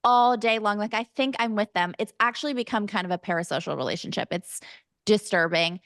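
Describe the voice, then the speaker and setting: A woman's voice: medium pitch, brisk, dry recording, studio quality. A woman podcast co-host in casual chat, oversharing and telling stories with lots of energy. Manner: chatty, oversharing, animated storyteller.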